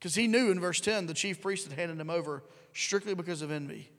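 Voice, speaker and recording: A man preaching a sermon, acting out voices, swinging from loud bursts to hushed drops. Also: sits high, a little fast, in a large hall. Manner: animated, acts out crowd and Pilate, rising and dropping to near whisper. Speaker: pastor.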